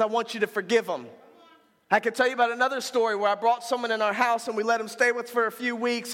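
High, bright-voiced preacher man in an echoing hall. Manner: frank, colloquial preaching that builds to shouts. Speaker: pastor. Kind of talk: sermon.

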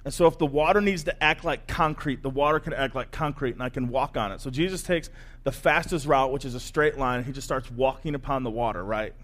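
A man pastor giving a sermon, telling the story in a conversational, animated way. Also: medium pitch, a little fast.

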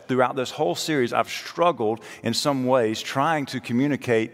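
A man preaching a sermon as pastor, telling stories and dropping to soft asides. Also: normal speed, hardly any pauses. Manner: storytelling, shifts between soft low asides and lively quoted voices. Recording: long hall reverb.

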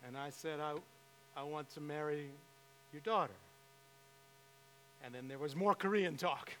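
A man's voice: fairly high pitch, steady tone, a little slow, bright, forceful tone. A middle-aged man preaching a sermon as pastor, telling a story with emphatic rises in voice. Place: church sanctuary. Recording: reverberant hall with faint mains hum.

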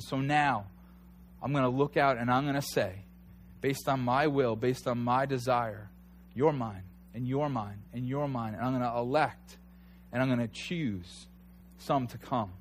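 A man in his thirties preaching a conversational sermon, telling stories with animated energy and rising to near shouts at times. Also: medium pitch, a little hiss or hum. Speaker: pastor.

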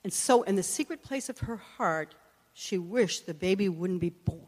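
A woman's voice: medium pitch, animated, moderate pace, darkish tone. A woman teaching a sermon, telling earnest personal stories and acting out the voices of the people in them. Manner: earnest storytelling, acts out quoted voices. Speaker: Christian teacher and prayer minister. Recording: long echoey hall reverb.

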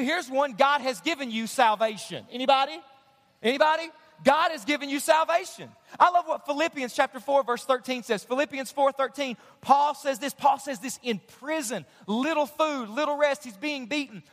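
A man preaching a sermon as pastor, energetic and calling on the congregation to answer him. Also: very high voice. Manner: energetic preaching, calls for audience response. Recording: long hall reverb.

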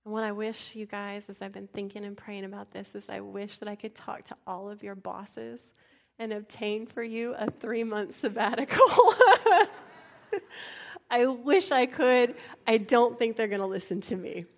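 A woman's voice: medium pitch, moderate pace, gravelly. Woman pastor telling stories. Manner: soft, hushed storytelling that turns lively and animated. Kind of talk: storytelling sermon.

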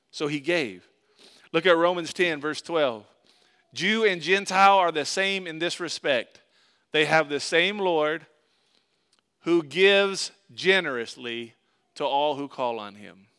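A man preaching a sermon in a conversational way, repeating phrases, slowing and dropping to a hush on key lines before rising again. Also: on the high side, clean tone. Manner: slows down and drops to a hush on key phrases, then rises loud. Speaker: pastor.

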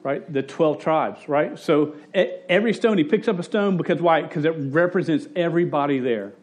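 A man preaching a sermon in a casual, joking, conversational way, slipping into quick voices for the people in his stories. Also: fairly high pitch. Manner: conversational storytelling with quick voice shifts for quoted people; jokey and self-interrupting. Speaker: pastor.

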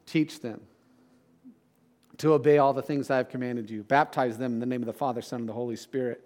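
A man's voice: mid-range voice, fairly even intonation, brisk, darkish tone. A middle-aged man, a pastor, preaching a sermon in a conversational way, often checking in with "right?".

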